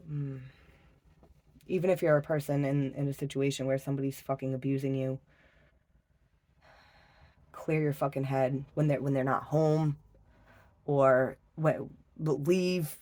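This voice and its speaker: A low-pitched woman gives a casual tarot reading. She sounds emotional and halting, swears often, and keeps restarting her sentences.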